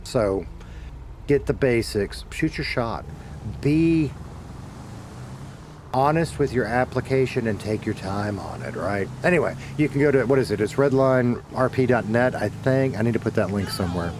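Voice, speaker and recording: A middle-aged man chatting with his viewers while he plays, in a loose, meandering way, often swearing and going back to fix what he just said. His voice sits at an ordinary pitch, with a faint hiss of noise behind it. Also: expressive, moderate pace, darkish tone. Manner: rambling, self-correcting, swears casually. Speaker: streamer. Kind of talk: casual chat while gaming.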